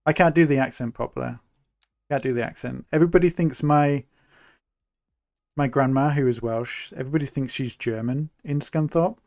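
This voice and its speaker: A young man from England talks through a live city-building stream in a relaxed, chatty way, thinking aloud as he builds. His voice sits at a middling pitch with a gravelly, fried edge. The sound is dry and close, with no room around it. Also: moderate pace, dry recording. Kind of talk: live gameplay commentary.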